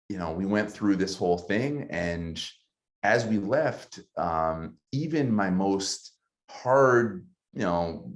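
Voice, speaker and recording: Low-voiced man telling a story earnestly. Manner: earnest, halting, many ums. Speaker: city councilmember and former teacher. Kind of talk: personal storytelling talk.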